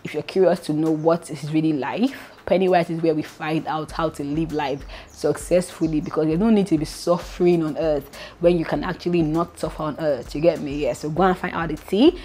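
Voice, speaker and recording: A woman's voice: sits low, fairly even intonation, a little fast, dark tone, slight background noise. A Nigerian woman hosting a gossip vlog, chatting animatedly and dropping into pidgin asides. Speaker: gossip vlogger. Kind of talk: casual gossip chat.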